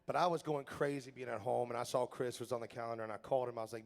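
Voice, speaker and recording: A man's voice: mid-range voice, level tone, rapid-fire, few pauses. A man, a country singer-songwriter, chatting and telling stories on stage between songs, laughing and poking fun at himself. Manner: self-deprecating, laughing, loose storytelling. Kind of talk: onstage banter and storytelling between songs. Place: theater stage at a live benefit show. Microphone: stage microphone. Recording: live theater hall echo with guitar.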